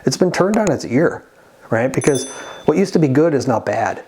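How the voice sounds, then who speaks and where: A man preaches in a relaxed, conversational way, as if talking straight to the viewer. He stops often to read passages of scripture aloud, then explains them in plain words. His voice sits at an ordinary middle pitch. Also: moderate pace, breathy edge. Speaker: Christian channel host. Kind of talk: sermon-style monologue.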